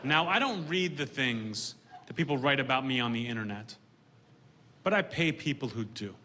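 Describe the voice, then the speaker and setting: A man performing a stand-up comedy set in a deadpan way, delivering dark punchlines dryly on a comedy stage with audience laughter behind him. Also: mid-range voice, moderate pace, noisy background.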